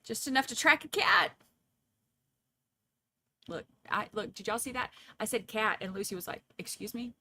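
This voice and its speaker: A woman's voice: a little high, animated, normal speed, long pauses, pushed and bright. A woman, chatting casually and laughing as she reads viewer comments at home. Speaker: livestream host.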